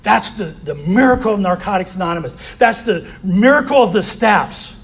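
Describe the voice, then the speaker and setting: A man's voice: high voice, expressive, moderate pace, gravelly, breathy edge. A man giving a candid personal recovery share as a convention speaker, often saying "you know".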